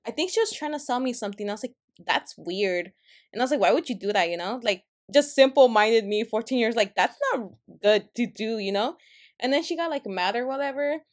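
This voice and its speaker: A woman's voice: a little high, lively intonation, brisk. A young woman co-hosting a casual podcast, telling stories in a chatty way full of fillers, gasps and laughs. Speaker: podcast co-host. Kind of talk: casual chat.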